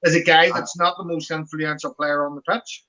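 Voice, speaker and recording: A man's voice: fairly high pitch, little pitch movement, normal speed, bright, forceful tone, muffled recording. A man with a Northern Irish accent in a casual football fan chat, chatty and often jumping in with short agreements. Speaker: fan panellist.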